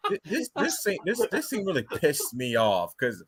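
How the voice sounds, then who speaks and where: A man's voice: on the high side, wildly swooping pitch, moderate pace, fairly bright tone, slightly rough, dry recording, studio quality. A man co-hosting a casual podcast, ranting and mocking a film with swearing and exaggerated impressions. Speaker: podcast co-host. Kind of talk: casual movie rant.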